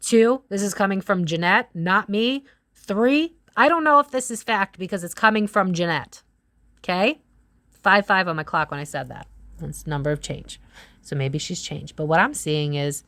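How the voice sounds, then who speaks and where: A woman's voice: fairly low pitch, animated, dry recording. Blunt, foul-mouthed woman tarot reader. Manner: blunt and profane, quick swings into loud exclamations. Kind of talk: casual tarot reading to camera.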